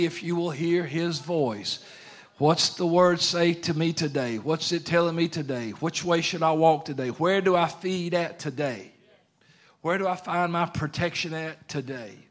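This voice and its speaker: A man preaching a sermon in an earnest, conversational way, using plain everyday grammar. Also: a little high.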